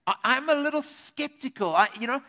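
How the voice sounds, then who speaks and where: A woman's voice: sits high, animated, fairly quick, sharp tone, long reverb tail, pitched above the performer's own voice, exaggerated voice. A male preacher acting out a skeptical woman who hesitates and stammers as she guards herself. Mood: wary. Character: skeptical wary woman at a well.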